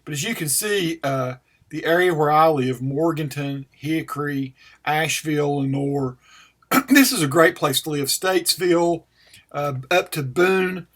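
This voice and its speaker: A slightly hoarse man with a Western North Carolina mountain accent, folksy and rambling as he answers a viewer's question in a casual video, clearing his throat often. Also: a little high, a little slow, fairly bright tone. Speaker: vlogger.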